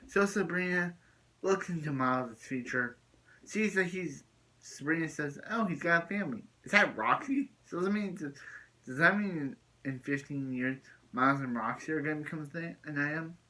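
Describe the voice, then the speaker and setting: A man's voice: a little high, moderate pace, pushed and bright, rough recording. A man giving a casual, rambling spoken recap of a TV episode as a video reviewer, often repeating and restarting his phrases.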